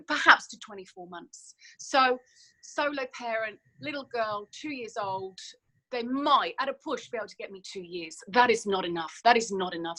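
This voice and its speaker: Bright, earnest woman guest. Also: on the high side, rough recording. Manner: earnest and emphatic, with stammered repeats. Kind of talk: emotional personal story in a podcast interview.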